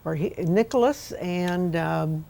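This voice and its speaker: A woman's voice: lowish voice, slow, creaky, warm tone. A middle-aged woman hosting a casual book discussion, chatty and asking her guest questions. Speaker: host.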